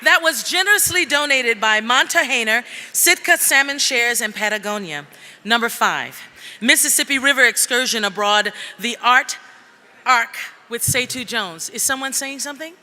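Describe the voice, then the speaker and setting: A woman's voice: a little high, expressive, moderate pace, pushed and bright. A woman emcee at a gala reading out auction items with chatty joking asides. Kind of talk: reading item descriptions with asides. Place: gala event hall. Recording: long reverb of a big hall.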